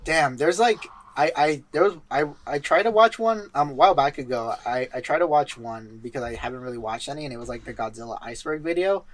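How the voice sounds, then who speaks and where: A man's voice: mid-range voice, fast talker, few pauses. A man hosting a podcast in casual chat, rambling, laughing and swearing often. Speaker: podcast host.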